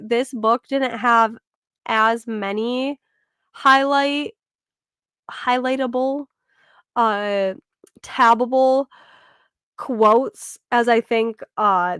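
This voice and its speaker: A woman's voice: a little high, a bit bright, clear, resonant tone, dry recording, clean studio sound. A woman chatting casually in a book club discussion, full of "like" fillers and restarts.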